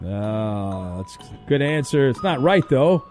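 A man's voice: mid-range voice, big pitch swings, takes it slowly, music in the background. A man hosting a sports radio show and running a quiz game, teasing the players as he goes. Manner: playful, teasing quizmaster. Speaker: radio host.

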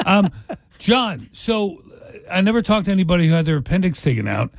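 A man's voice: sits high, sing-song, brisk, vocal fry, dry recording. A man hosting a casual comedy chat, teasing and cracking jokes. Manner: wisecracking, teasing. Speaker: host.

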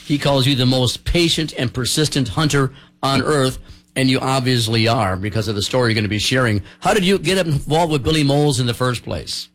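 A man's voice: mid-range voice, brisk. A man hosting a radio show, chatty and joking as he tells stories in the studio. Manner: chatty, jokey, storytelling. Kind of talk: casual radio talk.

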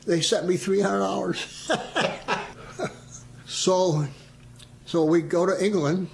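A man's voice: high voice, steady tone, takes it slowly, vocal fry. An older man casually reminiscing about his past, telling stories and acting out what others said. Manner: storyteller who acts out quoted voices and chuckles. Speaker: veteran interviewee.

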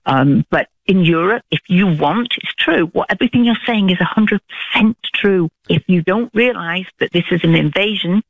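A British woman calling in to a talk radio show, speaking earnestly and haltingly with many fillers. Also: fairly low pitch, no echo. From Britain. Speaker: caller. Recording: phone line.

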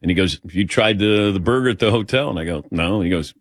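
A man's voice: fairly low pitch, fast, hardly any pauses, no room sound. Dry-voiced male talk show host. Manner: animated anecdotes, acting out quoted dialogue. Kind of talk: casual radio show storytelling. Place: radio studio. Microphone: studio microphone.

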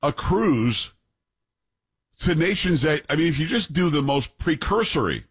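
A man hosts a talk radio show in a husky, breathy voice. He reads the news with heavy sarcasm and cuts in with mock-shocked outbursts. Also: on the high side, big pitch swings, a little slow.

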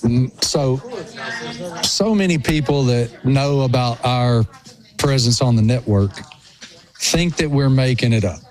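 Appalachian-accented man, chatty and animated. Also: mid-range voice, measured pace. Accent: rural Appalachian. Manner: animated, self-mocking storyteller. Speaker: sports radio co-host. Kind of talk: casual chat.

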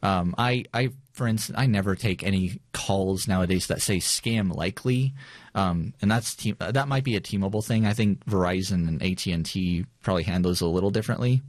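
A man's voice: deep voice, a little fast, no echo, clean studio sound. A man co-hosting a podcast in casual chat, rambling with many fillers and restarts. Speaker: podcast co-host.

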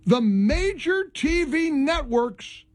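A man's voice: extremely high pitch, very animated, takes it slowly. A man hosting a political talk show, speaking with heavy mocking sarcasm. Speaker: radio talk show host.

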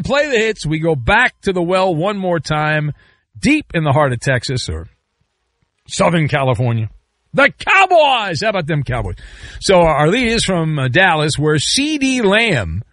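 A man hosting a sports talk show, riffing sarcastically and swinging between loud bursts and low asides. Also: no room sound. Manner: sarcastic, riffing with mock quotes. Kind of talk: sports talk radio commentary.

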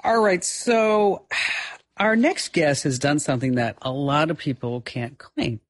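A host with a man's voice running a radio talk show, upbeat, with quick laughs. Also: on the high side, no room sound, studio quality.

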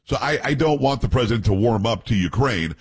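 A man's voice: medium pitch, expressive, a little fast, breathy edge. A man hosting a talk radio show, reading news aloud with blunt opinions and joking asides to his co-hosts.

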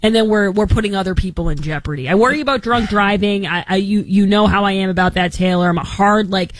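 A woman's voice: medium pitch, fast, poor audio. A woman hosting a talk radio show from Massachusetts, chatting casually with frequent restarts and firm opinions.

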